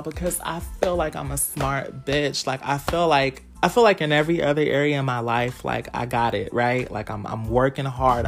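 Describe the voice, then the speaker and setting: A young woman hosting a podcast, talking candidly and explicitly in casual slang and speaking straight to her listeners. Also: very deep voice. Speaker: podcast host.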